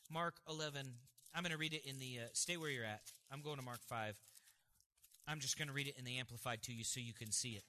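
A man with a high, very bright voice preaches to his congregation. He keeps asking questions and answering them himself. A long hall reverb trails each phrase. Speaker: pastor. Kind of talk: sermon.

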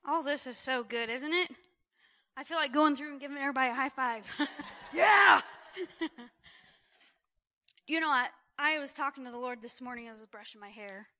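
A middle-aged woman shares her testimony with a church gathering. Her voice sits high and bright. She talks with animated, exclamatory energy. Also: fast. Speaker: church speaker. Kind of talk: testimony sermon.

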